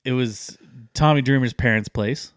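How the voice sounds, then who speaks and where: A man in his thirties is co-hosting a casual podcast, telling a long, rambling story full of "like" and "um." His voice sits at a medium pitch. The sound is close and dry, with no room echo. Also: normal speed, clear, resonant tone. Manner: rambling, many fillers, animated when telling stories. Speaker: podcast co-host.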